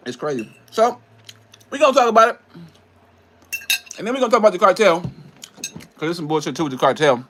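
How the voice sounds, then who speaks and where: Dude ranting on his vlog, swearing a lot, kinda high bright voice. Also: expressive, fairly quick, pauses often, slight background noise. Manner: frustrated, profane, rambling rant with laughs. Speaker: personal trainer and nutrition coach.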